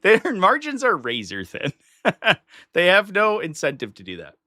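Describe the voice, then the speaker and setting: Lively, bright-voiced male stream host. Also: high-pitched, normal speed, no room sound, studio quality. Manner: chatty and opinionated, slips into mock voices of others. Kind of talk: casual live-stream commentary.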